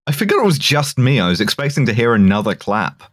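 A man's voice: medium pitch, sing-song, fast, dry recording, studio quality. A man co-hosting a podcast in casual chat, full of wry jokey asides. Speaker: podcast co-host. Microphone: remote podcast recording.

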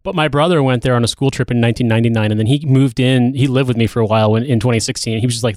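A man's voice: medium pitch, fairly even intonation, very fast, few pauses, darkish tone, no echo, clean studio sound. A man co-hosting a podcast in casual film-review chat. He is blunt and swears freely. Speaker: podcast co-host.

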